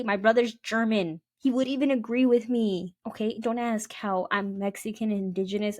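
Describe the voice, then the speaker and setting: A woman's voice: a little high, dry recording, studio quality. A young adult woman hosting a casual storytelling podcast, chatty and digressive, with many ums and restarts. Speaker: podcast host.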